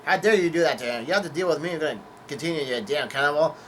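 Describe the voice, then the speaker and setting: A man reading the lines of a brash young male pirate aloud in a raised, excited voice. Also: on the high side, rapid-fire, slight background noise, lightly acted. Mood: blustering.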